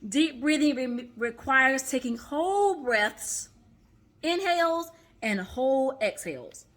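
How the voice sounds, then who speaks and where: A woman therapist and mindfulness coach talking casually to viewers, often checking in with a quick "okay?" and demonstrating deep breaths aloud. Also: lively intonation, fairly bright tone. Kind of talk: casual instructional vlog.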